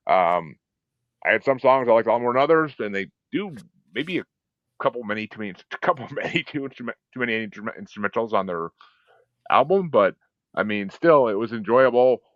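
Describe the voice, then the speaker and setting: Cast: male podcast host, fast and lively, curses freely, dull dry sound. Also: fairly low pitch, no room sound. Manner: profane, animated storytelling with acted-out reactions. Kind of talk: casual chat.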